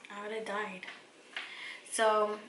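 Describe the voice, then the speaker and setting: Chatty young woman with a bright voice. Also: mid-range voice, very slow. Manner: chatty, lots of "like" and restarts, animated quoting of herself. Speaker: vlogger. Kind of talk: casual storytelling to camera. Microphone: camera or phone mic. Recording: echoey room with faint ambient noise.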